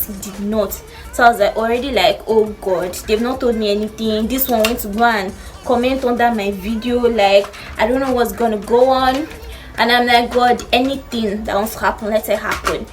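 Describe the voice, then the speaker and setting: Young nigerian woman, kinda high voice, animated storytime chat, faint music behind. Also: fairly quick. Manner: animated storytelling, acts out quotes. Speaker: vlogger.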